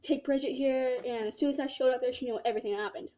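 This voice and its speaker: A woman's voice: on the high side, fairly even intonation, rapid-fire, dark tone, lo-fi sound. A teenage girl telling a casual story-time vlog, rambling and saying "like" a lot. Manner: rambling, filled with "like". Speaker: vlogger.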